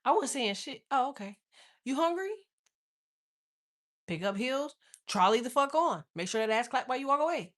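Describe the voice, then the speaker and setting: A woman chatting casually with viewers as a tarot reader, telling stories in a blunt, profane, animated way. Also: sits high, moderate pace, long pauses. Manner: blunt, profane, animated storytelling with frequent laughs. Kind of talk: casual live-stream chat.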